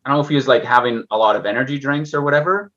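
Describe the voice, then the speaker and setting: A man's voice: medium pitch, rapid-fire, a bit bright, dull audio. A man talking as a guest on a casual investing podcast, rambling and restarting with many fillers.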